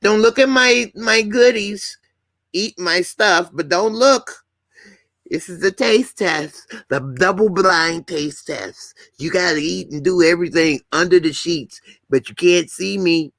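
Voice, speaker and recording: A man putting on a high falsetto to play a coy young woman who insists on hiding under the sheets. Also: a little slow, creaky, fairly bright tone, no room sound, full character voice. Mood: coy, fussy. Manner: high falsetto, prissy and fussy.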